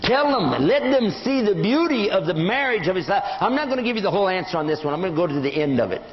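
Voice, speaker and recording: Speaking fast and high-pitched, an older man delivers an Islamic lecture full of animated stories in which he performs the quoted voices. He is a preacher, recorded in an echoey hall with dull lo-fi audio.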